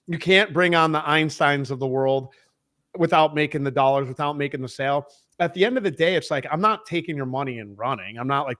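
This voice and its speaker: A head of sales appears as a podcast guest, talking about selling in a casual, profane, emphatic, rambling way. His voice sits on the high side and is a bit bright.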